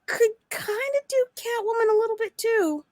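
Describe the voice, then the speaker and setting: A woman's voice: very high-pitched, moderate pace, a little mellow, no echo, clean studio sound. A woman co-hosting a casual chat, playful and teasing.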